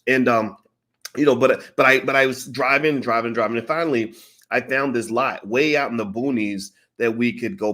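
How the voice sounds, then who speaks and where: A man telling a story in a casual, profane, animated way, acting out what people said. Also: medium pitch. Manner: profane, animated, acts out quotes. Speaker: channel host.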